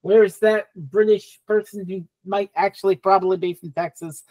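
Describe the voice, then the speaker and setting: A woman's voice: mid-range voice, steady tone, moderate pace, darkish tone, dry recording. A woman hosting a casual podcast chat over a video call, introducing her guests with playful jokes. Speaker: podcast host.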